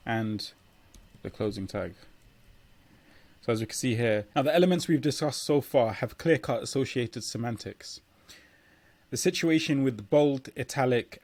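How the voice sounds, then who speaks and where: A male coding tutor walks through on-screen examples in a screen-recorded tutorial, explaining steadily and sometimes restarting a phrase while he types. His voice is medium-pitched and a little mellow, with no echo.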